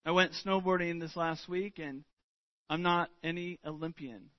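A middle-aged man preaching a sermon as pastor, earnest and deliberate, stretching out words for emphasis. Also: fairly high pitch, steady tone, no echo, highs cut off.

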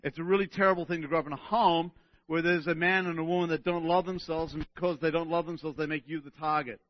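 A male pastor delivering an animated sermon, often checking in with "right?" and restarting his words. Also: fairly high pitch, fast, dull audio.

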